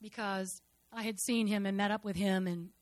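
A woman giving an emotional church testimony, fervent and repetitive, moving between loud declarations and hushed murmurs. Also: mid-range voice, fairly even intonation, moderate pace, no room sound. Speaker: speaker sharing a personal testimony.

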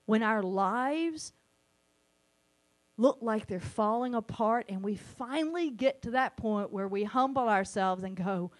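A woman preaching a sermon, animated, sometimes acting out the voices she quotes. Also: a little high, unhurried.

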